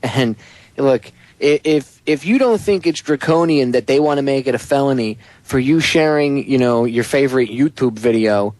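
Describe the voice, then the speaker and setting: A man's voice: mid-range voice, moderate pace, darkish tone, no room sound, low-quality recording. A man hosting a talk radio show, ranting in an emphatic, sarcastic and profane way. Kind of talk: casual talk radio chat.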